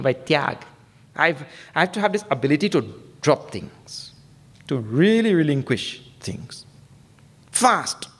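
A man's voice: big pitch swings, slow pace, fairly bright tone, breathy edge. A man giving a humorous sermon as a spiritual teacher, telling stories and acting out quotes with emphatic stress. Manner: humorous storytelling with acted quotes; emphatic, rising pitch for stress.

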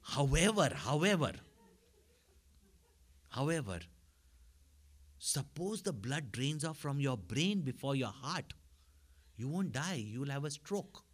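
A man's voice: medium pitch, very animated, slow pace, long pauses. A man telling a story as a spiritual teacher, in a chatty manner that keeps checking in with his listeners. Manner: conversational, asks listeners for agreement.

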